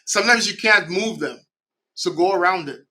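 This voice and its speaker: Animated man from the Caribbean. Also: high voice, moderate pace. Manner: animated, repeats "right?" often. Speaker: podcast guest. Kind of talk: conversational interview.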